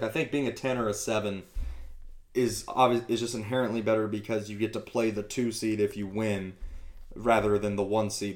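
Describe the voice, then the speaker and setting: Casual male sports podcast host. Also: on the low side. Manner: loose, swears casually, quick asides.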